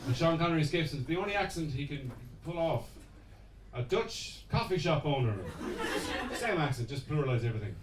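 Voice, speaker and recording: A man's voice: a little high, lively intonation, brisk. A man doing a rambling, self-mocking stand-up set in a small pub room, with the audience laughing. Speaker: stand-up comedian. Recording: echoey pub room, far camera mic, loud noise.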